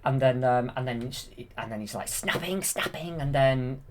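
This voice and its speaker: A man's voice: medium pitch, fairly even intonation, moderate pace, darkish tone. A man eagerly retelling a film from memory, rambling with many ums and restarts, recorded on a handheld camera. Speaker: YouTube creator.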